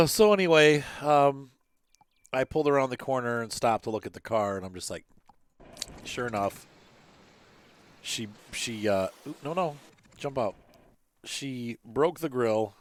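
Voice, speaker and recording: A man's voice: medium pitch, lively intonation, measured pace, pauses often, smooth. A man hosting a farming game playthrough, chatting casually and rambling through a personal story with many fillers and restarts. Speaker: gaming channel host. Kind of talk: casual let's-play commentary with storytelling.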